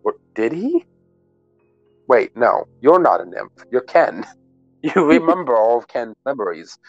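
A man's voice: mid-range voice, big pitch swings, a little slow, creaky, dry recording, muffled recording, faint music behind. A man running a tabletop game as game master, narrating dramatically and laughing with the players.

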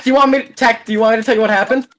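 A player in a casual gaming chat, excitable and often confused, asking others to repeat themselves. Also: mid-range voice, very fast, a crowd in the background.

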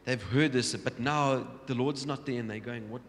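A male pastor preaches in a large church hall. His voice is mid-pitched and carries a long reverb tail. He retells scripture as vivid storytelling and often restarts his words. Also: moderate pace, fairly bright tone. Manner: storytelling, acting out Bible scenes, many restarts. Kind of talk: sermon.

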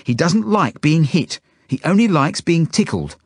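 A spirited little girl with a high, insistent voice that swings up and down with feeling, as a male reader puts her on. She sounds slightly husky and close to the mic in a dry space, like a storybook read aloud. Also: very animated, a little slow, darkish tone, no echo, heavily acted. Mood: indignant. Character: bold, tender-hearted little girl.

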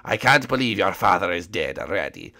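A deep, quiet old male turtle creature in a game role-play speaks in slow, solemn, secretive tones, as a man puts him on. The voice is gravelly and low. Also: very animated, full character voice.

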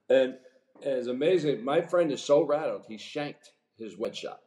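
A man in his sixties, a former pro golfer, telling rambling, animated anecdotes as a podcast guest. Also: medium pitch, a little slow. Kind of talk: casual storytelling interview. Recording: echoey room.

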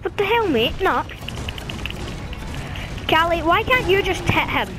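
A high-pitched woman talks casually through a gameplay session and keeps up a running stream of chatter. She chants repeated commands at the game while loud game music plays underneath her voice. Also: sing-song, a little slow. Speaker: gaming channel host.

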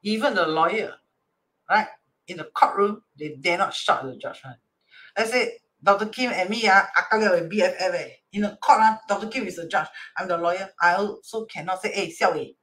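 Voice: medium pitch, a little fast, a bit bright. A teacher with a Singaporean English accent, explaining a divination chart reading, acting out quoted dialogue, slipping in Chinese and Hokkien words, and often checking in with "right?".

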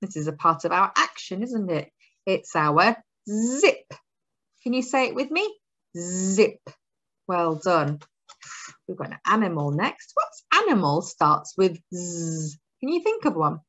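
A woman's voice: medium pitch, fairly bright tone. A woman teaching a phonics lesson to young children, drawing out her words in a sing-song, encouraging way. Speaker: early years teacher.

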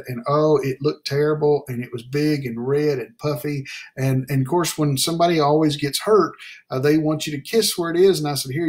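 A middle-aged man, a pastor, preaching an earnest, plain-spoken Bible study sermon, slowing down to stress key phrases. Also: medium pitch. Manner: restarts and fillers, plain spoken.

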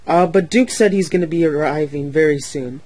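A man's voice: fairly high pitch, moderate pace, darkish tone, lightly acted. Percy, a man doing a polite little engine. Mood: apologetic. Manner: polite, defending others. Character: small, kind male tank engine.

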